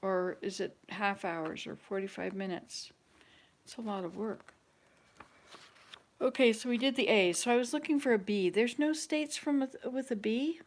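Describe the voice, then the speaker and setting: The channel host, a woman with a medium-pitched voice at a moderate pace, keeps things casual with her online audience. She hesitates and thinks aloud as she searches her memory.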